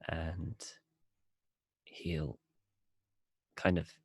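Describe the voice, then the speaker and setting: A man's voice: very deep voice, little pitch movement, very slow, vocal fry, a little mellow, breathy edge, no room sound, studio quality. A man playing a tabletop role-playing game who describes his character's actions in a loose, hesitant way. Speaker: player. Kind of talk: tabletop role-play, casual.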